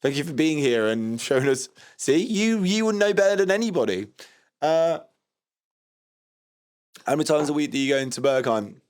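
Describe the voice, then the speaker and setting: Rambling deadpan man. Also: a little high, moderate pace, long pauses, clear, resonant tone. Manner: rambling, deadpan, many ums and restarts. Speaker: livestream host doing a comedy DJ character. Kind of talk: deadpan improvised livestream comedy.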